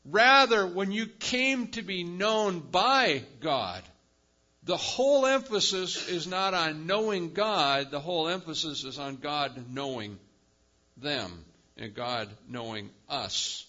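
A male pastor preaching a sermon with emphatic delivery, swinging between loud, high-pitched bursts and quiet, low drops. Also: animated, slow pace, muffled recording. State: lives with chronic pain.

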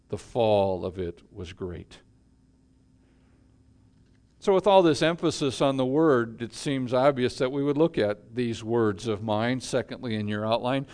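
A male pastor preaching a sermon in a measured way, letting his voice fall quiet at the ends of phrases. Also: medium pitch, clear, resonant tone.

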